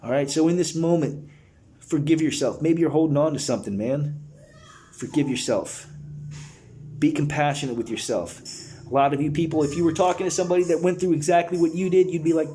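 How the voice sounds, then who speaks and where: A man's voice: on the high side, brisk, dark tone. A man leading a guided breathwork session, earnest and encouraging, talking in a casual, slangy way to his listeners. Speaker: breathwork facilitator.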